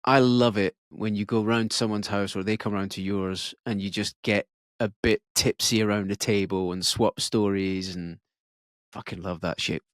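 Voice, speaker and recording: A man's voice: lowish voice, steady tone, moderate pace, dry recording. Podcast producer, male, laid-back and hesitant, dry mic. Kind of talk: casual chat.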